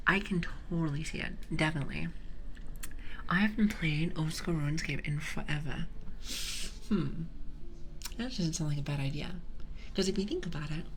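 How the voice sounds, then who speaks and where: A woman's voice: low voice, normal speed, long pauses, a little hiss or hum, rough recording. A young British woman streaming ASMR, chatting casually and giggling as she greets her chat by name. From Britain.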